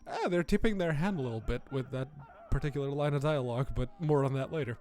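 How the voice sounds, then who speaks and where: A man's voice: mid-range voice, a little fast, few pauses, darkish tone, no room sound. Chatty man narrating his gameplay. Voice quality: chatty, laughs often. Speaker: streamer host. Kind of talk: casual live gameplay commentary.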